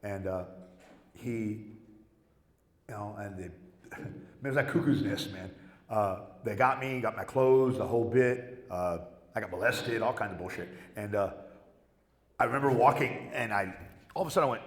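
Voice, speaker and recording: A man's voice: fairly low pitch, animated, normal speed, long pauses. A middle-aged man telling rambling, profane stories at a convention panel, acting out the other people's lines. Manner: profane, rambling, acts out dialogue. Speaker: panel guest. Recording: echoey convention hall.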